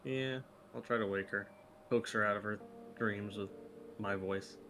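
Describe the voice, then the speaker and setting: A man playing a tabletop game, talking in a hesitant, halting way, with music playing behind. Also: fairly low pitch, steady tone. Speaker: player.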